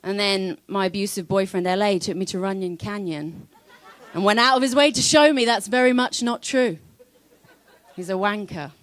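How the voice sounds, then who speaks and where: A woman's voice: mid-range voice, moderate pace, a faint crowd. A young woman from London with a London accent, performing a wry, self-deprecating stand-up comedy set. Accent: London English. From London, England.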